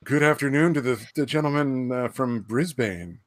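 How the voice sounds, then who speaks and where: A man's voice: medium pitch, normal speed, no echo, clean studio sound. A man hosting a livestream, bantering casually with profane, self-mocking jokes and frequent laughter. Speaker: stream host.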